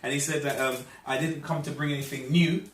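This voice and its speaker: A man hosting a religious discussion, conversational and lively with many fillers. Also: fairly high pitch, brisk. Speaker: host. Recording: echoey room, far from mic, loud music behind.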